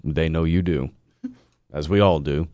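A man's voice: a bass voice, a little slow, a little mellow, no room sound, studio quality. A man co-hosting a morning radio show, wry and laid-back. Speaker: radio co-host.

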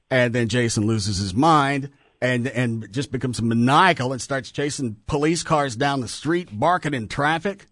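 A man hosting a radio talk show, blunt and wisecracking, talking in quick bursts on a studio microphone. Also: medium pitch, fairly bright tone, no room sound.

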